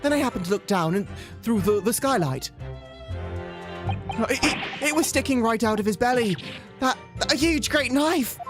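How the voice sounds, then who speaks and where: A woman's voice: on the high side, expressive, normal speed, close to an everyday voice. A woman voicing a nervous male witness, a hat-maker, in a put-on British accent and stammering. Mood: flustered. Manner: stammering, flustered. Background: game music.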